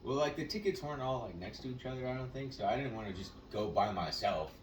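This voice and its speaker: A man co-hosting a casual podcast, telling an animated, profane story and acting out what people said. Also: medium pitch, fast talker. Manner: animated storyteller, acts out quotes, swears. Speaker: podcast co-host. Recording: echoey room, mic at a distance, faint noise.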